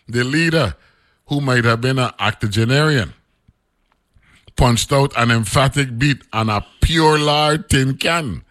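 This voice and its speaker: A man's voice: mid-range voice, a little slow, fairly bright tone, dry recording. A man, hosting a radio show and reading an old newspaper article aloud, breaking off into loose, chatty asides.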